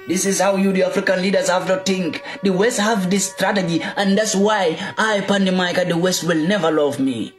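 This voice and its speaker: Impassioned man, high voice, echoey. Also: fairly quick, few pauses. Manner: repetitive rhetorical questions, emphatic. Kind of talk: impassioned political speech. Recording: echoey room with faint music.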